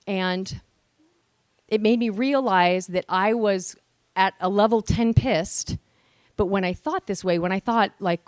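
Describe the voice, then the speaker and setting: A woman's voice: mid-range voice, no echo. A woman in her forties giving a motivational speech at a women's event, telling a candid personal story with earnest emphasis. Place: event hall with live audience.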